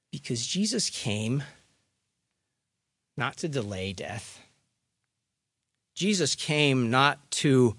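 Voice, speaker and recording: A man reading a gospel passage and preaching a sermon, slow and deliberate, dropping to hushed phrases and rising to emphatic ones. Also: on the high side, dry recording, clean studio sound. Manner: slow, deliberate delivery with dramatic swings between hushed and raised phrases. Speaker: pastor.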